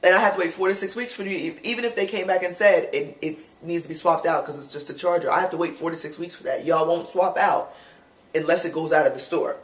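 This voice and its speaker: A man telling a customer-service complaint story to camera as a vlogger, animated, exasperated and blunt with casual profanity. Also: on the high side, fast, reverberant.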